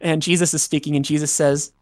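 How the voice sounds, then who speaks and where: A man's voice: fairly high pitch, little pitch movement, quick pace, darkish tone, no echo, clean studio sound, soft background music. A man chatting casually on a game stream, rambling and jokey, retelling movie skits.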